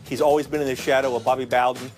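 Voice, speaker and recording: Guy on a sports panel, blunt, talks fast, jokes at himself, light music behind. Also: medium pitch, fairly even intonation. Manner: blunt, self-deprecating. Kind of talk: sports debate commentary.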